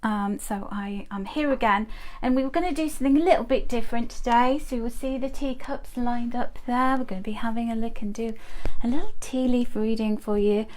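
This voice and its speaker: A middle-aged woman with a slightly high voice hosts a live stream and greets her viewers one by one. She talks in a chatty, effusive way and sometimes stumbles over her words. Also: fairly even intonation, fairly quick, darkish tone. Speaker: host of a live tea leaf reading stream.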